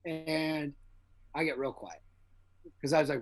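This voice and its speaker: A man as a guest actor in an interview, telling casual stories with animated energy, acting out the quoted dialogue and laughing often. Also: a little high, measured pace.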